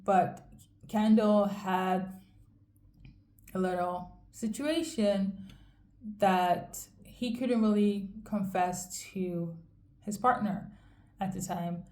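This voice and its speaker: A woman giving a casual tarot reading in a rambling, fairly monotone way, often checking in with "okay?". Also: mid-range voice, drawn-out words, pauses often, echoey room. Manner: monotone delivery. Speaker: tarot reader.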